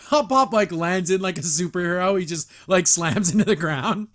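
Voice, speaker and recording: A man's voice: high voice, moderate pace, heavy background noise. A man hosting a casual episode review, rambling with lots of fillers and frequent laughs. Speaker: show reviewer and podcast host.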